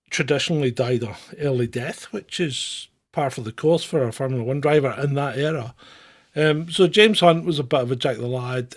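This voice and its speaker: A middle-aged man from England hosting a casual livestream, rambling and irreverent, often chuckling. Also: a little high. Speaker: channel host.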